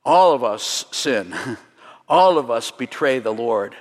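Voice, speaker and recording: A man teaching a congregation through a Seder, earnest and slowing down for solemn points, with light jokes along the way. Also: medium pitch, animated, big-room sound. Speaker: messianic teacher leading a Seder demonstration. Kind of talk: sermon-style teaching to a congregation.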